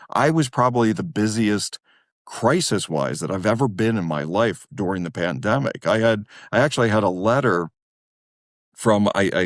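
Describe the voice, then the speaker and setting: A middle-aged man from Wilmington, speaking as a therapist guest and telling animated stories in casual chat. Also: fairly low pitch, no echo, studio quality. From Wilmington, Delaware. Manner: animated, self-deprecating, jumps into quoted voices. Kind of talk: casual storytelling in a podcast interview.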